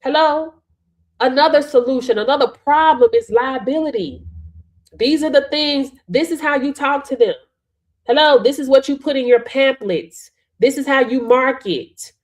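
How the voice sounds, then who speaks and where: A woman's voice: sits high, normal speed. A woman business coach giving a live-streamed coaching talk, emphatic, punctuating points with "right?" and "Hello?" and calling on viewers.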